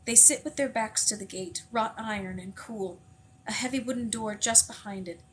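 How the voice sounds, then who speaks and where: Woman reading a novel aloud, measured. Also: a little high, a little hiss or hum, poor audio. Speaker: audiobook reader.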